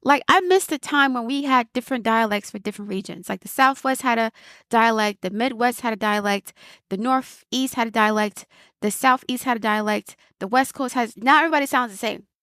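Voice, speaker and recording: Higher-voiced woman giving dry-sounding commentary. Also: fairly quick, fairly bright tone, dry recording. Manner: reflective, laughs often, repeats phrases for emphasis. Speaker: video host. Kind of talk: casual commentary to camera.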